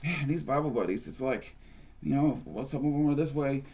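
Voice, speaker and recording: A man's voice: medium pitch, moderate pace, a little mellow. A man chatting playfully through a casual unboxing, rambling and humming as he goes. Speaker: unboxing host.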